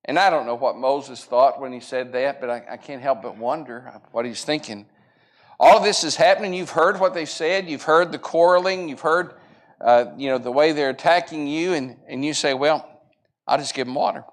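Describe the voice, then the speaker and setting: A man's voice: on the high side, normal speed. Man, Bible class teacher; earnest, conversational, acts out quoted lines as he retells scripture. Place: church classroom.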